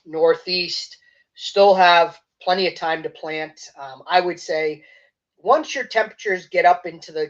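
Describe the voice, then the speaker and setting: A man answering gardening questions as a guest expert on a livestream, enthusiastic and explanatory, his sentences often trailing off softly. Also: a little high, lo-fi sound. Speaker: seed company guest expert. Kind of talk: casual livestream interview answers.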